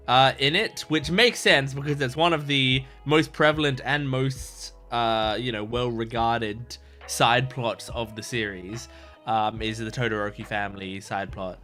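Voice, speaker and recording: A man hosting an anime reaction video, talking casually and excitedly with lots of fillers and restarts. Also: mid-range voice. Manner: rambling, full of fillers and restarts.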